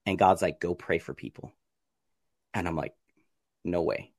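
A man, a podcast guest, telling his story in a casual interview, acting out his own reactions with sudden jumps in pitch and frequent laughs. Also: unhurried, a little mellow, no echo, clean studio sound.

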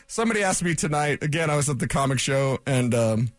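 A man hosting a solo sports talk radio show in a studio, fired up and loud, rambling with sarcastic asides. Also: mid-range voice, lively intonation, fast, no echo.

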